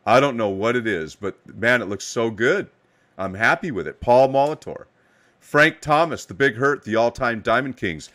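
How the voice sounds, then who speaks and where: A middle-aged man runs a live card-opening stream, calling out to chat viewers in an upbeat, hyped way. He sounds a little tired under the energy, and his voice sits at an everyday middle pitch. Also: lively intonation, moderate pace, a bit bright. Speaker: live card-break host.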